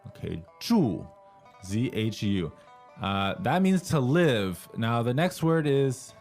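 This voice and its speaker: A man with a mid-pitched voice co-hosts a language lesson. He talks casually, asks guiding questions, and has soft music behind him. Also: sing-song, slow. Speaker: lesson co-host.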